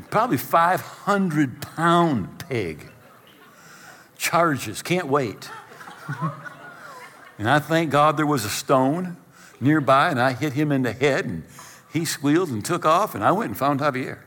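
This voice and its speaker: A middle-aged man preaches from the pulpit, spinning a self-deprecating story and acting out the scenes as he goes. His pitch rises and falls with lively swings. The sound rings with the long reverb of a large hall. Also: slow, slight background noise. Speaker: pastor. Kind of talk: storytelling sermon.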